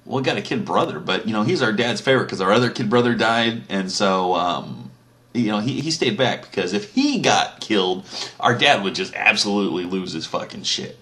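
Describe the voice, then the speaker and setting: A man's voice: fairly low pitch, lively intonation, a little fast, a bit bright. A man voicing a group of scared grown brothers who plead and explain in a whiny, profane way.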